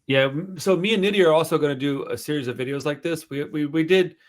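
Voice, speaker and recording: A man's voice: on the high side, fast talker. A man hosting a podcast in casual chat, rambling and swearing freely, self-deprecating. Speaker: podcast host.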